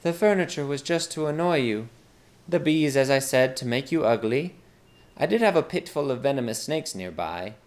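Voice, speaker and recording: A man voicing a sly young maid who calmly admits to her plots. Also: mid-range voice, normal speed, voice pushed up, natural voice.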